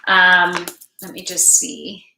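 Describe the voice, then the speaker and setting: A woman giving a live oracle card reading, speaking gently and emotionally to her viewers and reading their comments aloud. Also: on the low side, monotone, slow pace, echoey room, background noise. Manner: gentle, spiritual, emotive, reads chat aloud.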